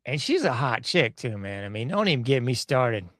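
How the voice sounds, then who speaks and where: A man's voice: medium pitch, very animated, moderate pace, a bit bright, no echo. A man hosting a podcast, riffing sarcastically on news clips and laughing often. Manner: sarcastic, laughing, drawling slang. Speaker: show host. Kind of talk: casual podcast commentary.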